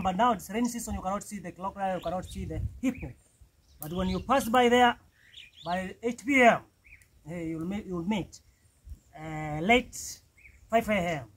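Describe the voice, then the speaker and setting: High-voiced Kenyan man vlogging outdoors. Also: a bit bright, a little hiss or hum, low-quality recording. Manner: chatty, repeats "man" often. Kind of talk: casual cooking vlog. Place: outdoors in a village, cooking on a wood fire.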